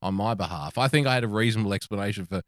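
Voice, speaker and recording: A man's voice: on the low side, racing, a bit bright, no echo, studio quality. A man, co-hosting a podcast, teasing his partner in a playful, mock-aggrieved way. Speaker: podcast co-host. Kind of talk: casual podcast banter.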